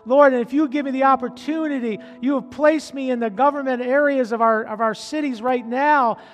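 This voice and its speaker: A man preaching as pastor of his church, from upstate New York, building from quiet talk to loud, pleading calls to the congregation. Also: very high voice, steady tone, fairly quick, long reverb tail. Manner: repetitive rallying calls to the congregation. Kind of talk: preaching a sermon. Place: church sanctuary.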